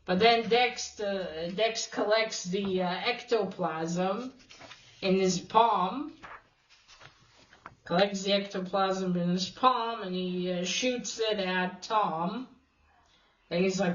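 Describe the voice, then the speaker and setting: Slow, halting woman recapping a story. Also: medium pitch, highs cut off. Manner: hesitant, halting with many fillers and restarts. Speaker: video host retelling a comic. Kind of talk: casual plot recap.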